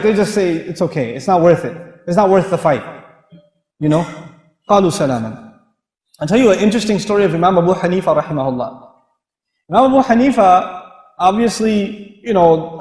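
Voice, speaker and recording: A man giving a lively Islamic lecture, an animated storyteller who laughs often as he talks. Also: high-pitched. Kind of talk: lively sermon with humorous stories. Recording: echoey hall reverb.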